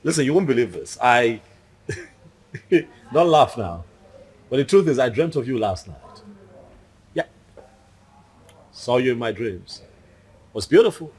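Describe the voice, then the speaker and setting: A man's voice: medium pitch, sing-song, measured pace, pauses often, darkish tone, slightly rough. An actor playing an earnest man who tenderly courts a pregnant woman, coaxing and pleading. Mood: romantic. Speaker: actor in a Nigerian film. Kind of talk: film drama acting.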